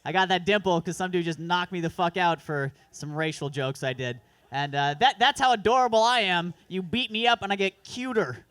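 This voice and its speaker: A man's voice: high voice, fairly quick, hardly any pauses, fairly bright tone, clear, resonant tone. A man performing a crude, self-deprecating stand-up set at an open mic, rambling through asides. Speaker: stand-up comedian. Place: comedy club open mic.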